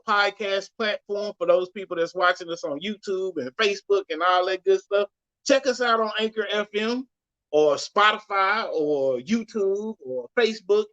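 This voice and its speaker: A man hosting a podcast, giving a loud, blunt, cursing rant with sudden jumps in pitch. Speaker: podcast host. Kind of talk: profane ranting monologue. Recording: dull lo-fi sound.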